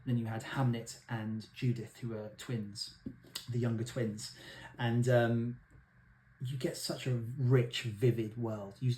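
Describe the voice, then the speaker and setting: A young man talks through a book he loved in a relaxed, reflective way. His voice sits at an ordinary middle pitch, and he often pauses with ums and uhs as he gathers his thoughts. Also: slight background noise. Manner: thoughtful, soft-spoken, many fillers. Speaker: book reviewer; actor. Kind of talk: casual book review.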